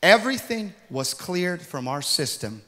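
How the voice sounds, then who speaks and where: A man preaching a testimony sermon, telling his story in an animated way and acting out the dialogue, swinging from hushed to loud. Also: high voice, unhurried, slight background noise. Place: large church hall. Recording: long hall reverb.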